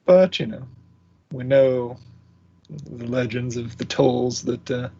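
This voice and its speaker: A man's voice: mid-range voice, fairly even intonation, slow pace, creaky, warm tone, husky, lo-fi sound. A man playing in a tabletop game, chatting casually and trailing off mid-sentence. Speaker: player. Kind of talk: casual chat in character and out.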